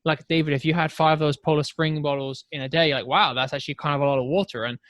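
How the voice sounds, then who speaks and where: Casting: chatty male podcast co-host, voice a touch high, dry close-miked sound. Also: steady tone, fast talker, fairly bright tone, no room sound. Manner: chatty, laughs often, swears casually. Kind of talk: casual chat.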